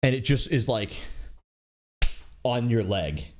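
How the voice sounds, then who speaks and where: A man running a tabletop game as dungeon master, narrating scenes in a playful, lively storytelling manner. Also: medium pitch, takes it slowly, slight background noise.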